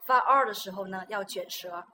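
Woman, Chinese accent, native Chinese speaker, pronunciation teacher, bright tense voice, repeats and checks words. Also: mid-range voice, normal speed, a little hiss or hum, low-quality recording. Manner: repeats words after the guest and checks them. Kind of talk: bilingual pronunciation lesson.

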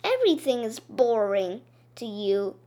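A woman voicing a gentle school librarian, speaking softly and sounding wounded. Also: fairly high pitch, very animated, a little slow. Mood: hurt. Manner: soft and wounded.

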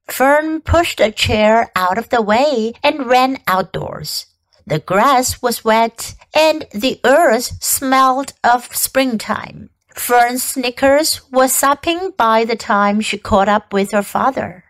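A woman teacher reading a classic storybook aloud in a slow, expressive way. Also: a little high, dry recording, poor audio.

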